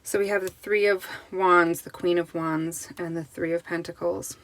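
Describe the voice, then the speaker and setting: A woman gives a tarot card reading straight to the camera in a relaxed, chatty way. Her voice sits a little low, and she reassures the viewer as she lays out each card. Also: moderate pace, no echo, rough recording. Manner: chatty and reassuring, with restarts and laughs.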